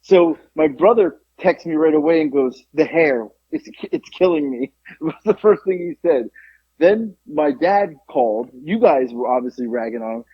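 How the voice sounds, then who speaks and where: A man's voice: on the high side, animated, moderate pace, husky, no echo. A middle-aged man co-hosting a podcast, telling a funny story in casual chat, swearing and laughing often. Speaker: podcast co-host. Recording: dry, dull lo-fi sound.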